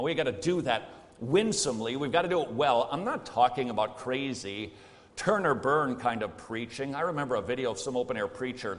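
A man preaching a sermon, emphatic and plain-spoken, firing off rhetorical questions. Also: mid-range voice. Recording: long hall reverb.

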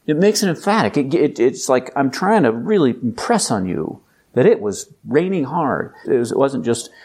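A man's voice: medium pitch, sing-song, normal speed, husky. Guy preaching a sermon, chatty but emphatic, voice swings up and down a lot. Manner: conversational, emphatic, rising to loud intensity. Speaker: pastor.

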